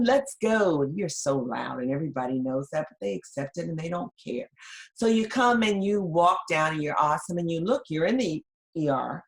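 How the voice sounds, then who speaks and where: A woman presenting a webinar lecture, talking conversationally and checking in with the listeners with frequent "right?". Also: low voice.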